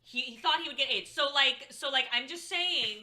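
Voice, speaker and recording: A woman's voice: high-pitched, moderate pace, pushed and bright. A woman co-hosting a podcast in casual banter, playfully indignant and swearing freely. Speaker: podcast co-host.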